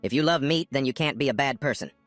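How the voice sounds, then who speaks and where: A man's voice: medium pitch, fast, a bit bright, no echo, faint music behind, lightly acted. A man voicing an intense, meat-obsessed male chef who speaks in a grand, preaching way. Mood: praising.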